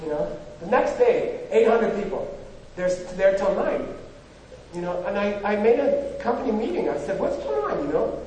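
High-voiced man lecturing in an echoey hall. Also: lively intonation, normal speed, a little mellow, recorded from a distance, a little hiss or hum. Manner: conversational, rhetorical questions, frequent "you know". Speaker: spiritual teacher. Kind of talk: informal lecture.

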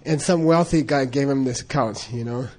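A man's mid-range, slightly mellow voice moves at a moderate pace through a casual story that keeps drifting. He restarts sentences, fills gaps with fillers and laughs frequently.

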